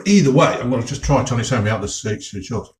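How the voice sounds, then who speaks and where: A man's voice: mid-range voice, lively intonation, very fast, echoey room. A man with an English Midlands accent chatting casually to viewers as he tastes food for his vlog, enthusiastic and chatty. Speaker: food vlogger.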